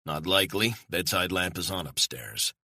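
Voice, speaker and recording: A man's voice: low voice, expressive, moderate pace, sharp tone, no echo, clean studio sound, heavily acted. A man narrating an audiobook, voicing a blunt male covert handler who gives clipped orders over the phone. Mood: tense, blunt.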